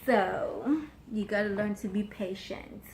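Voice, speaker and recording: A woman's voice: medium pitch, slow, a little hiss or hum. A woman chatting playfully with her husband about their marriage, talking freely and laughing often. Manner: self-described loud mouth. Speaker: co-host, wife. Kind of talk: casual chat about marriage.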